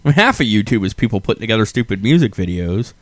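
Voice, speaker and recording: A man's voice: lowish voice, sing-song, quick pace, no room sound, clean studio sound. Opinionated man ranting on a podcast. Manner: opinionated, ranting, laughs often. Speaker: podcast host. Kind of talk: casual chat.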